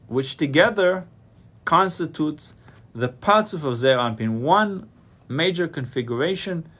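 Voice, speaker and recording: A man, a rabbi, giving a Torah lecture, saying Hebrew terms and then translating them, often repeating a phrase to stress it. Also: on the high side. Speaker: rabbi teaching a class.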